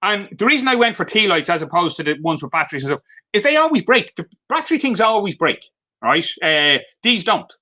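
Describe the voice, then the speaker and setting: Very animated and fairly quick, an Irish man's high, pushed, bright voice shows off his handmade crafts on a live stream, with the highs cut off in the audio. He fills his light-hearted stories with lots of fillers.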